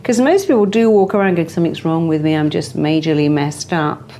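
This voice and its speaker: A woman's voice: deep voice, brisk, dark tone, slight background noise. A woman telling stories in an interview, acting out the voices of the people she quotes. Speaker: hypnotherapist guest. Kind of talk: motivational interview talk.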